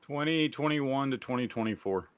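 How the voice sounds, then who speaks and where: A man's voice: medium pitch, normal speed, lo-fi sound. A man in an online debate who stammers at times but keeps insisting on his point.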